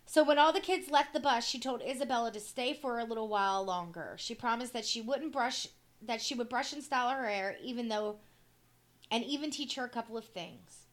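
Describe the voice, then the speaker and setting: A woman's voice: a little high, a little fast. A middle-aged woman co-hosting a talk show, reading stories aloud and commenting bluntly. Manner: blunt, swears casually. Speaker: podcast co-host. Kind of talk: reading news stories aloud, casual chat.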